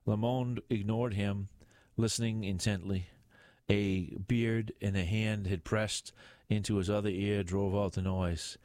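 Male audiobook narrator, lowish pitch, steady read, dry close sound. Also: measured pace, no echo. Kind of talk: reading a crime novel aloud.

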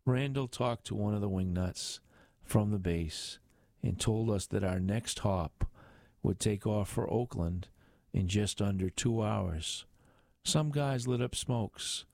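An older male narrator reading his memoir at a measured, reflective pace. His voice sits low. The recording is close and dry. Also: a little mellow, no room sound.

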